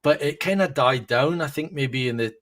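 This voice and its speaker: A man's voice: mid-range voice, normal speed, a bit bright. A man in his thirties co-hosting a podcast, chatting casually and rambling with many restarts. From United Kingdom. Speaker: podcast co-host. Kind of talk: casual chat.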